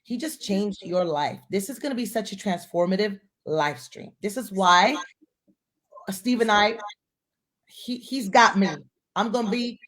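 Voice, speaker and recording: A woman's voice: mid-range voice, measured pace, a bit bright. Woman hosting a live stream. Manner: enthusiastic, addresses viewers directly.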